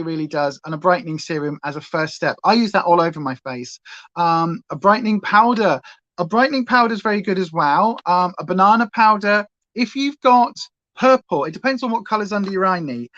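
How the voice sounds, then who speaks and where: A woman's voice: lowish voice, a bit bright, no echo, lo-fi sound. A woman hosting a casual makeup livestream from home, chatting and going off on tangents. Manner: chatty, rambling, goes off on tangents. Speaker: beauty livestream host.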